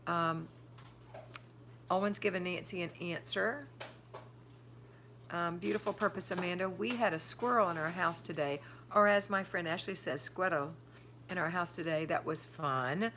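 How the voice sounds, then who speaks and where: This older woman's voice is fairly low and a bit bright, at a moderate pace with frequent pauses, over a little hiss or hum. She hosts a live stream, answering viewer chat casually and dispensing firm homemaking tips.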